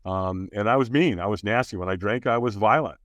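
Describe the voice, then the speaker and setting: A man's voice: on the low side, brisk, no room sound. A man in his sixties, a podcast guest, frankly and earnestly recounting his life, with fillers, restarts and acted-out quotes. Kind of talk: candid personal storytelling in an interview.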